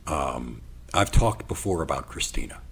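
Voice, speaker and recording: Very deep gravelly-voiced man telling a story. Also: moderate pace, a little hiss or hum. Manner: animated, acts out quoted dialogue. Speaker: podcast host. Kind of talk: personal storytelling monologue.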